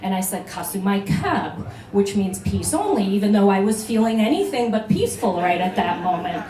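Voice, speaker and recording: A woman's voice: medium pitch, expressive, a little fast, a crowd in the background. Woman, live storytelling, chatty with fillers, roomy venue sound. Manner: conversational, many fillers and restarts. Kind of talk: personal storytelling on stage. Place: live venue, beach bar room.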